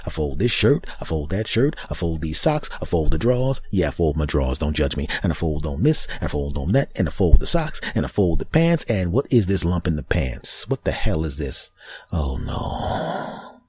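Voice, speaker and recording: A man's voice: very deep voice, a little mellow. A man hosting a comedy podcast, telling a self-mocking story animatedly with scat sound effects. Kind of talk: comic storytelling monologue.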